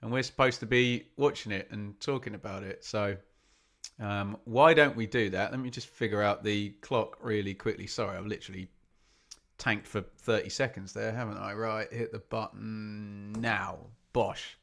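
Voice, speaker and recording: A man's voice: on the low side, steady tone, moderate pace, a bit bright. A man hosting a football watch-along live stream, reading viewers' locations from the chat in a chatty, self-deprecating way.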